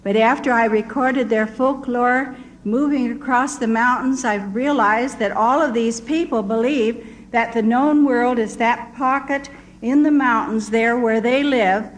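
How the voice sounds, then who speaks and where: A woman's voice: on the high side, unhurried, low-quality recording. Older woman telling an earnest story. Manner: earnest, vivid storyteller acting out quotes. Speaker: missionary. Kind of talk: storytelling testimony.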